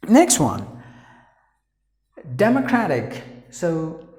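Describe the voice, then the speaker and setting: Man, Indian English accent, unhurried pronunciation lesson, echoey room. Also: fairly high pitch, wildly swooping pitch, darkish tone. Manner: earnest, spells out sounds, repeats words slowly. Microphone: camera operated by his wife.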